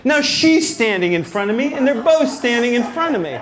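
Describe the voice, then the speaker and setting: A male stand-up comedian telling wry stories about his family with deadpan asides on a nightclub stage. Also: very high voice, moderate pace, a crowd in the background. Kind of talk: stand-up routine. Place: nightclub stage before a live audience. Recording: live club with audience laughter.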